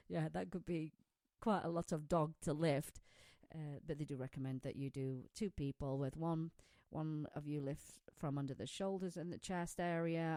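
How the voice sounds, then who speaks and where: A woman's voice: deep voice, dark tone, no room sound. A woman hosting a pet-tips show in casual chat, talkative and laughing often as she wanders between stories. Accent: non-American, says it is her own.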